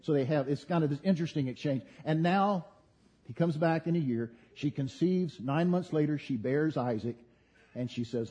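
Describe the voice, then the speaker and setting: Husky mellow-voiced man preaching. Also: fairly high pitch, moderate pace. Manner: animated storytelling, voicing quoted figures. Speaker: pastor. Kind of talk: sermon. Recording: dull lo-fi sound.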